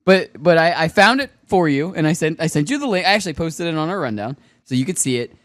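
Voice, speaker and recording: Excitable high-voiced man telling stories. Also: fast, dry recording, studio quality. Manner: excitable storyteller, laughs often. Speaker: podcast co-host. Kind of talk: casual chat.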